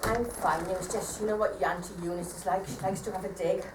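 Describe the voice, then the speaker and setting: A woman playing a worn-down, tearful mother, speaking softly and hesitantly on a live theatre stage. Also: mid-range voice, fairly even intonation, fast talker, natural voice. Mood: despairing. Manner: soft, hesitant, self-deprecating. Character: weary depressed mother, tearful and self-doubting. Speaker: amateur stage actor. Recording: echoey theatre stage from far off, faint noise.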